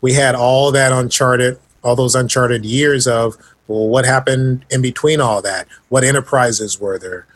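A man's voice: mid-range voice, fairly even intonation, unhurried, few pauses. Chill guy on a podcast, cracks puns, easygoing middle voice. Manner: jokey, laid-back, fond of puns. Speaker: podcast co-host. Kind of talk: casual chat.

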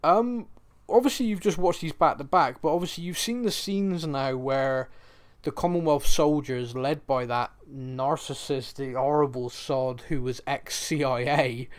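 A man's voice: on the high side, measured pace. A man with a Bristolian accent co-hosting a podcast, chatting casually and telling a story with lots of laughs. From Bristol, England. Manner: animated storyteller, laughs often. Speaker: podcast co-host. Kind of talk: casual chat.

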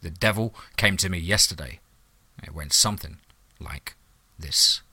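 A man's voice: deep voice, unhurried, pushed and bright, breathy edge, dry recording. Wry hard-boiled male storyteller. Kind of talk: first-person horror story narration.

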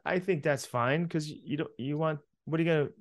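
A man's voice: fairly high pitch, fairly quick, no room sound, clean studio sound. Hesitant, playful male podcast co-host. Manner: hesitant, playful, sets up bits. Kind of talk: casual comedic chat.

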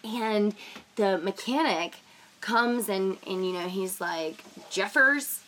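A woman's voice: mid-range voice, slow pace. A young woman with a scratchy voice from a sinus infection, chatting casually as a podcast host and telling stories full of "like" and "you know.".

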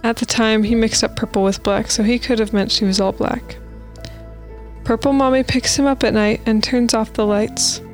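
Woman podcast co-host, a bit high-pitched, reads creepy listener stories with playful asides, faint music underneath. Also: fairly even intonation, normal speed, darkish tone. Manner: reads posts aloud with playful asides and laughs. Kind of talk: casual podcast chat, reading stories aloud.

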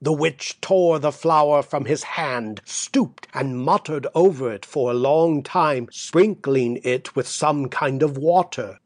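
A male audiobook narrator tells a classic tale in a measured, dramatic way. His voice sits a little high and moves slowly, with every line weighed. The recording is dry and close, with no room sound. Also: no echo.

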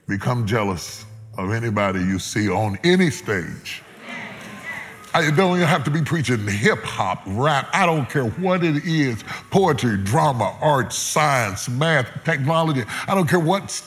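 A man preaching a sermon as a guest preacher, swinging between loud, soaring lines and hushed, low ones. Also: expressive, a little slow. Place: large church auditorium with live congregation. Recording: echoey hall with loud congregation.

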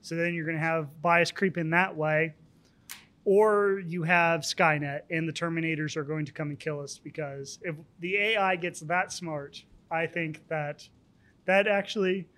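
A man's voice: on the high side, steady tone, unhurried, a bit bright. A man hosting a casual podcast, joking and bantering with his guests. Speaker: podcast host.

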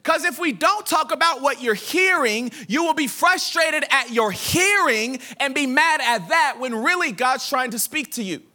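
A young adult man preaching a sermon as pastor, telling stories in an animated way with playful quoted voices. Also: very high voice, normal speed, few pauses.

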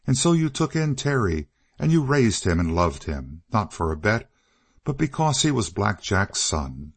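A man's voice: lowish voice, very animated, measured pace, full character voice. A man doing earnest young Kate Pollard. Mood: insistent. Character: earnest young woman, passionate and pleading.

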